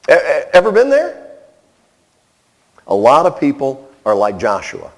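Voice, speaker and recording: Lively gravelly-voiced male preacher. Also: mid-range voice, unhurried, long pauses. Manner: animated storytelling, acting out the people in the story. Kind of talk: sermon.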